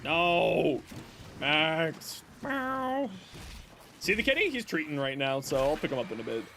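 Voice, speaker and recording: A male streamer chatting casually and jokingly with his viewers while he plays. His pitch sits a little high and bounces around a lot. There is a faint hiss of background noise. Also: lively intonation, normal speed, vocal fry, pushed and bright. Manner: chatty, joking, talks to chat and his cat. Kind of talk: casual livestream chat while gaming.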